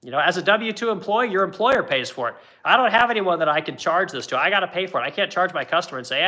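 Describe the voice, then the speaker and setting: A man's voice: high-pitched, lively intonation, fast talker, few pauses, sharp tone. A middle-aged man who owns a furniture business, chatting bluntly with livestream viewers and cursing freely as he rants. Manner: blunt, profane, ranting.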